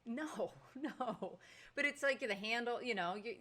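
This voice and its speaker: A woman co-hosting a podcast, telling a story in casual chat with animated exasperation. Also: fairly high pitch, a little slow. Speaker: podcast co-host.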